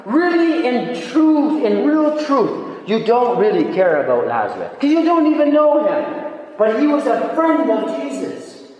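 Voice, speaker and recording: A man's voice: very high-pitched, big pitch swings, a little slow, darkish tone, dull audio. A man preaching a sermon, emphatic, asking rhetorical questions and repeating phrases. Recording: echoey hall, voice far from mic.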